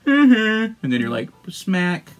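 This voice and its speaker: A woman's voice: sits low, big pitch swings, moderate pace, vocal fry, fairly bright tone, faint music behind. A woman co-hosting a casual card-opening video, dry and teasing with her partner. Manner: dry, teasing, drops into goofy sing-song bits. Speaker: co-host. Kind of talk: casual chat.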